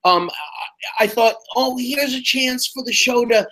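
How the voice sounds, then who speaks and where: A man in his sixties co-hosting a podcast in casual chat, musing and opinionated with drawn-out phrasing. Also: extremely high pitch, bright, forceful tone. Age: 60s. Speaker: podcast co-host.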